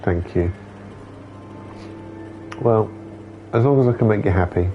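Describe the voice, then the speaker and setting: A man's voice: low voice, measured pace, pauses often, muffled recording, soft background music. A man streaming a game, chatting casually, talking to the characters and reading their dialogue aloud. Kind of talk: casual gameplay commentary.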